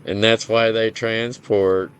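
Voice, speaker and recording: A man's voice: on the low side, flat delivery, takes it slowly, fairly bright tone, smooth. A man hosting a gaming channel, reading out game details in casual commentary, blunt and profane, often stumbling over numbers and restarting. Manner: blunt, profane, complains openly.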